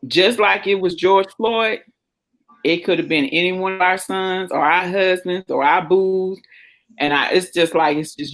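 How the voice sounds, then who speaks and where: Lively teasing woman chatting. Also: fairly low pitch. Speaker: channel co-host. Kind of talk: casual chat.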